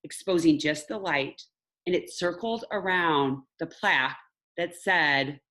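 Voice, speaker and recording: Lowish-voiced woman coach on a video call, candid and emotional, laughs at her own slips. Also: unhurried, a bit bright. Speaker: mindset coach. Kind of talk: live online class, personal storytelling.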